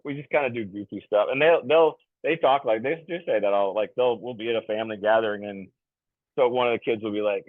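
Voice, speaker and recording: Here a man in his fifties with a fairly low voice talks fast as a podcast guest, spinning family stories in a jokey, rambling way packed with fillers and restarts. He calls himself goofy. It's casual conversational storytelling, recorded dry with a tinny, phone-like quality.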